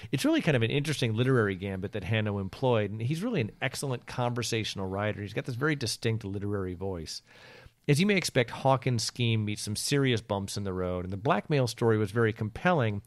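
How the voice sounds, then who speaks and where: A man co-hosting a podcast, giving a relaxed, chatty book review and laughing easily. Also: mid-range voice, no echo, studio quality. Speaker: podcast co-host.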